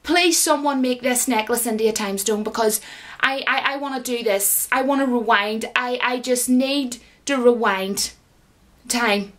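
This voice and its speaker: A woman's voice: a little high, measured pace, fairly bright tone. A woman, ranting in an exasperated, sarcastic way on her vlog. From Ireland. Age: 30s. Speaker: YouTuber.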